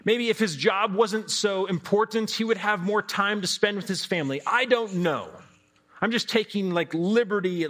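A man's voice: high voice, fairly bright tone. A man giving a devotional sermon in a reflective, conversational way, asking his listeners questions. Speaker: preacher.

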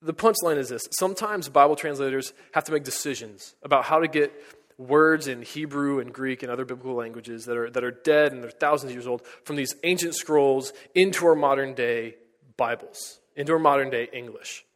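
A man preaching a sermon as pastor, earnest, building to emphatic peaks and dropping to hushed lines. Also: medium pitch, brisk. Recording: long hall reverb.

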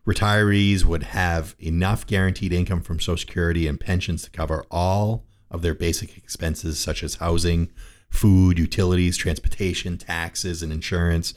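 Deep-voiced male financial radio host. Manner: calls himself monotone, laughs easily. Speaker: financial advisor and show host. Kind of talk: radio talk show.

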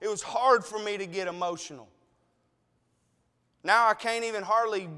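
A man's voice: sits high, moderate pace, pauses often, bright, forceful tone, smooth, big-room sound. A man preaching a sermon, emotional and tearful, pressing his listeners with pleading questions.

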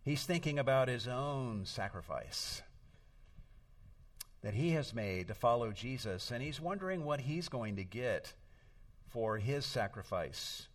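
Middle-aged male pastor, earnest storytelling sermon, medium pitch, recorded from a distance. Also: animated, unhurried.

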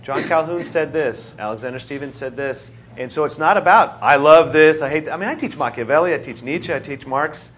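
Lively, high-voiced man leading discussion. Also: fairly quick, few pauses, slightly rough. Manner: animated, laughing storyteller. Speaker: seminar instructor. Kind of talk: teacher leading a group discussion.

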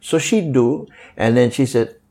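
A man's voice: medium pitch, unhurried. An older man from Hawaii with a Hawaiian Pidgin-inflected accent, telling stories in an interview with many fillers and acted-out quotes. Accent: Hawaiian Pidgin-inflected English. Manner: animated, acts out quoted voices, many fillers. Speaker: guest, kapa maker. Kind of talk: storytelling interview.

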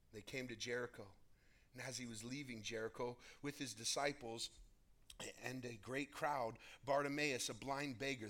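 A male pastor reading scripture aloud and preaching, with dramatic, emphatic rises in voice. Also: mid-range voice. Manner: reads scripture dramatically, voicing the crowd's shouts loudly.

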